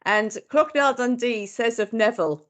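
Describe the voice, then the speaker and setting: A woman's voice: on the high side, fairly quick. A woman asking an enthusiastic, chatty question at an online seminar.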